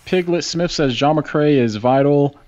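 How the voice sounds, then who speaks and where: A man's voice: on the high side, measured pace, a little mellow, lo-fi sound. A man chatting as a guest on a live video call, laid-back and laughing easily. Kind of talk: casual live chat.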